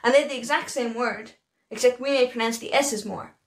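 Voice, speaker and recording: Woman, a touch high, teacherly quiz style, roomy echo. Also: brisk. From Ireland. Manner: patient, teacherly, quizzing. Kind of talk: explaining words in a clip. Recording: echoey room.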